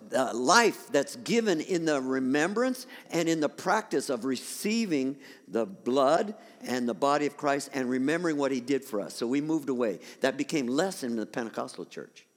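A male pastor preaching a sermon in a church, animated with rising emphatic peaks. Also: medium pitch, normal speed, big-room sound. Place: church sanctuary.

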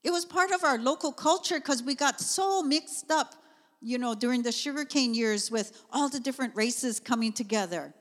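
Middle-aged woman, chatty sermon, fairly high voice, long hall echo. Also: moderate pace. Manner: conversational, animated storytelling with asides. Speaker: preacher. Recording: long reverb of a church hall.

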